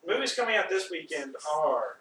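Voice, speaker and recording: A man's voice: a little high, sing-song, normal speed, a bit bright, slight background noise. A young man hosting a casual movie chat podcast, bantering and teasing his co-hosts. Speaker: podcast host. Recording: roomy, distant mic.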